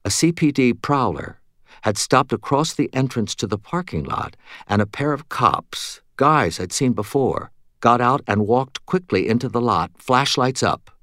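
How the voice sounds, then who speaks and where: A man reading an audiobook in first person with expressive, wry storytelling. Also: medium pitch, a little slow, no echo, studio quality. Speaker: audiobook narrator.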